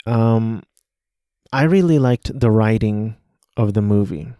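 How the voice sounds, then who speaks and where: A man's voice: lowish voice, takes it slowly, dark tone, no room sound, clean studio sound. A man hosting a casual solo podcast, talking through a movie he watched, rambling and hesitant with many restarts. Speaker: podcast host.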